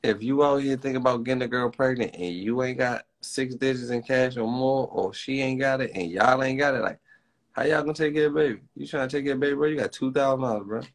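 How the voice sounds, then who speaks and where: A young man, ranting fast and profanely in casual slang on a livestream. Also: mid-range voice. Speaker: live streamer.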